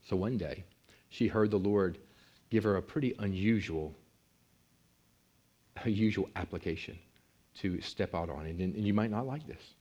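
A low-voiced man preaching, his delivery animated and climbing sharply when the story builds. He tells the story from the pulpit and speaks straight to the congregation. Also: moderate pace, pauses often, muffled recording. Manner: animated, with big swings in pitch and loudness. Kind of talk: sermon storytelling.

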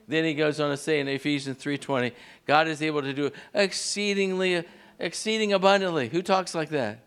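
A man preaching a sermon in a church, leading the congregation in call-and-response and pushing his pitch up sharply on key words. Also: brisk, a bit bright, clear, resonant tone. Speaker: pastor.

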